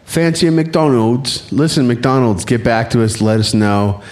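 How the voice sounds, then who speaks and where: A man's voice: mid-range voice, steady tone, measured pace, a little mellow. An American man co-hosting a comedy podcast, riffing and joking in loose, casual banter. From United States. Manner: jokey, riffing, often laughing and doing silly voices. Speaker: podcast co-host.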